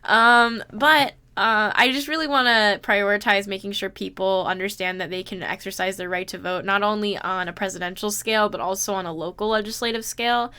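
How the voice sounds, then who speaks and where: A woman's voice: mid-range voice, steady tone, a little fast, hardly any pauses, pushed and bright, smooth. A woman chatting casually on a livestream, reading viewer messages aloud and reacting with exclamations and laughter. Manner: reads viewer messages aloud and answers them.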